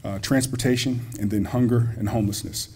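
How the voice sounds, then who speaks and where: Speaking a little fast in a medium-pitched, darkish, slightly rough voice with a steady tone, a man plays the college president at a community banquet. His public speech in the school hall is folksy and joking, and he talks directly to the audience.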